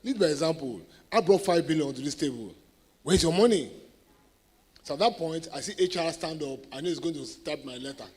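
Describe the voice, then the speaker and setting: A middle-aged Nigerian man speaks to a sales audience in a fairly high voice. He tells his stories with animation. He keeps checking in with the crowd to make sure they follow. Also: animated, quick pace, few pauses, darkish tone, breathy edge. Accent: Nigerian English. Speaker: guest speaker at a sales event. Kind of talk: motivational talk to an audience.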